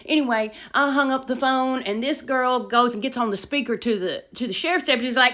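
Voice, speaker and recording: A middle-aged woman telling a casual storytime, animated, with loud emphasis and hushed asides. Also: a little high, fairly quick, hardly any pauses.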